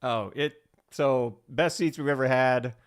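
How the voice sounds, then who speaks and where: A man co-hosting a podcast in easygoing casual chat, quick to agree and sympathize. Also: mid-range voice, clean tone. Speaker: podcast co-host.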